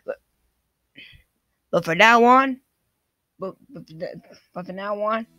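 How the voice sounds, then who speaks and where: Excitable guy hosting a reaction show. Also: sits high, slow pace. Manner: excitable, stumbling and repeating words. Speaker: reaction video host. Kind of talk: casual reaction commentary.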